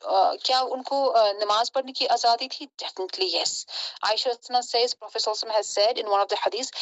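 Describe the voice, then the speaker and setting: A young woman gives a religious lesson, switching between English and Hindi as she tells stories with earnest animation. She speaks quickly in a slightly high voice. The sound is dry and close. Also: fairly bright tone, no echo, dull audio. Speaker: Islamic lecturer.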